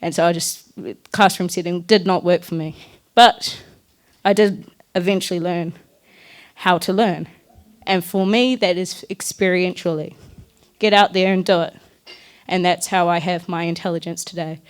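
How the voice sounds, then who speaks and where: A woman's voice: lowish voice, fairly even intonation, moderate pace, clean tone. A young woman, telling her personal story at a community talk in a candid, earnest, loosely chatty way. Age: young adult.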